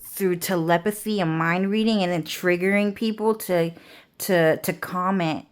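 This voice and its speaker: A woman's voice: on the low side, fairly even intonation, a little slow. A woman ranting casually into the camera, swearing often and filling her speech with "like" and "dude". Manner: profane, fills speech with "like" and "dude". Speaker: vlogger. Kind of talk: casual rambling rant.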